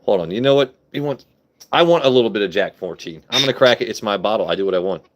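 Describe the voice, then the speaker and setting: A man's voice: on the low side, expressive, fast talker, slight background noise. A young man hosting a casual phone live stream, joking, swearing and talking back to his viewers' comments. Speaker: livestream host. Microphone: phone camera.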